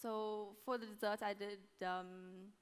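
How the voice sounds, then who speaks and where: A woman's voice: mid-range voice, flat delivery, takes it slowly, smooth. A young woman chef being interviewed onstage, explaining her dish in a casual, slightly self-conscious way. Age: young adult. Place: large expo hall. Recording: reverberant expo hall.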